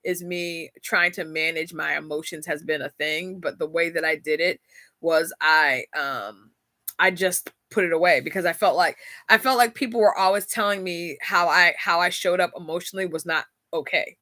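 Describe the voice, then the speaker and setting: Bright-voiced chatty woman host. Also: lowish voice, steady tone, moderate pace, no echo, clean studio sound. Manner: chatty, laughing often, addresses listeners directly. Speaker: podcast host. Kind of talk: casual faith-based talk.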